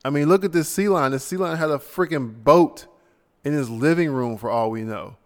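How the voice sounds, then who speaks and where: This solo podcaster has a mid-range voice, talks at a moderate pace, and is followed by a long reverb tail. Sounding tired late at night, he rants in a casual way and throws in mock voices.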